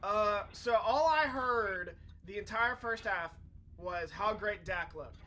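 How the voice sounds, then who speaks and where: A man co-hosting a sports podcast, calm and teasing, steering the conversation along. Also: sits high, unhurried, slight background noise. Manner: calm, teasing, steadying the talk. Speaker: podcast co-host. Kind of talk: casual sports chat.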